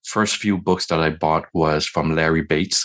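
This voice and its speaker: In a relaxed podcast interview, a physician in his forties tells a candid, self-deprecating story at an unhurried pace. His voice is very low, and he acts out the dialogue he quotes by slipping into other people's voices.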